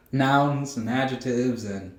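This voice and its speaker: Young man, podcast co-host, goofy casual banter, roomy echo. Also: medium pitch. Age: young adult. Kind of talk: casual chat. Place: co-host's house. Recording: echoey room.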